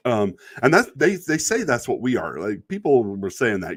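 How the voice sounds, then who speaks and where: A man's voice: mid-range voice, sing-song, normal speed, hardly any pauses. A middle-aged man hosting a casual video talk, rambling in a wry, exasperated way and laughing at himself now and then. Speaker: video podcast host. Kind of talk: casual monologue about online commenters.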